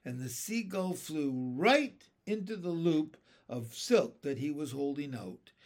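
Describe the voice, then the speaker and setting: A man reading a children's book aloud in an expressive, unhurried way. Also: a little high, vocal fry. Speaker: storyteller.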